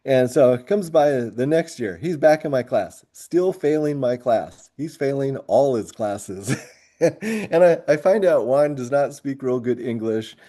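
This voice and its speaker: On a podcast, a high school track coach and teacher, who grew up moving around as a military kid, tells a story from his coaching years. His voice is mellow and warm, mid-pitched for a man, and he keeps a measured pace. He's a lively, animated storyteller who laughs often as he goes.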